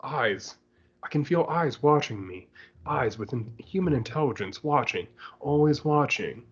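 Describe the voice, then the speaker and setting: An overwrought male comic-book hero, jittery and cursing, as a man reads his lines aloud. He frets in a voice of middling pitch, and the sound is a touch muffled. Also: animated, unhurried, husky. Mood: paranoid.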